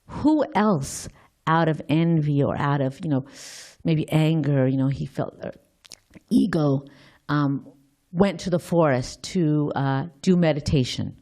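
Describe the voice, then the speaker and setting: A woman's voice: deep voice, measured pace, warm tone. A woman giving an informal scripture class, thinking aloud, quizzing her listeners and often restarting her sentences.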